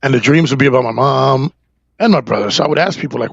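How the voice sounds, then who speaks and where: Gravelly New Jersey man telling his story. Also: medium pitch, dry recording, lo-fi sound. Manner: halting, rambling, with frequent fillers and profanity. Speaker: podcast guest. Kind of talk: candid personal storytelling.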